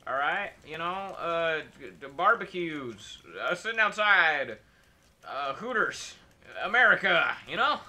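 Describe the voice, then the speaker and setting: Slow, very bright-voiced male streamer. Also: on the high side, lively intonation. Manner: joking, rambling, mock-patriotic bits. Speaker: game streamer. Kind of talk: casual gameplay commentary.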